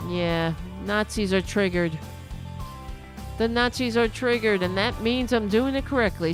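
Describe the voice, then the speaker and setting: A woman hosting a political commentary show, talking casually with a sarcastic, mocking manner over faint music. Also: fairly low pitch. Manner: sarcastic, mocking, reading out comments in mimicking voices.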